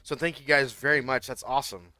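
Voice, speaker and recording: A man's voice: medium pitch, fairly even intonation, fairly quick, bright, forceful tone, smooth, no room sound. A man hosting a game livestream, chatting loosely with lots of fillers and restarts. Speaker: livestream host. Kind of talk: casual livestream chat.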